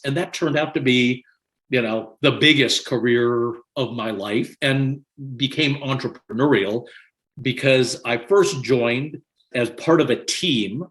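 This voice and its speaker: An older man, a podcast guest, telling stories in an animated way and laughing often as he talks. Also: medium pitch. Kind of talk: conversational storytelling.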